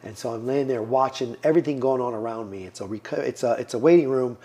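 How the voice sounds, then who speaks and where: A man's voice: medium pitch, fast talker, dark tone. A man in his fifties, a podcast guest, giving an earnest personal testimony and acting out the lines people said to him. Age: 50s. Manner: earnest storyteller, acts out quoted lines.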